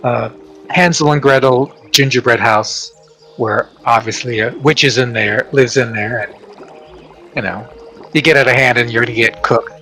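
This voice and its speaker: Relaxed man explaining his build. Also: mid-range voice, moderate pace, faint music behind, poor audio. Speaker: guest builder. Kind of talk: casual chat explaining a build.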